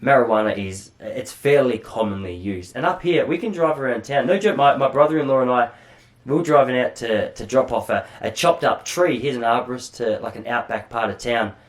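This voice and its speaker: Speaking fairly quickly in a mid-range voice, a lone Australian podcast host chats casually and rambles, running himself down and swearing now and then in a solo monologue.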